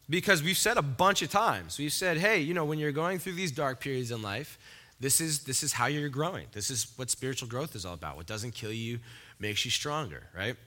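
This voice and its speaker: A man's voice: mid-range voice, pushed and bright. A man preaching a sermon in a casual, storytelling way, laughing easily as he talks. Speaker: pastor. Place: church in a big city.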